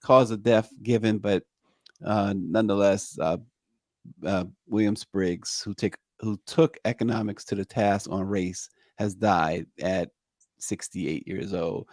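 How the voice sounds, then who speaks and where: A man's voice: lowish voice, steady tone, unhurried, darkish tone, no room sound, clean studio sound. A man hosting a morning news show, reading headlines and chatting loosely with many fillers and restarts. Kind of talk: news talk and casual commentary.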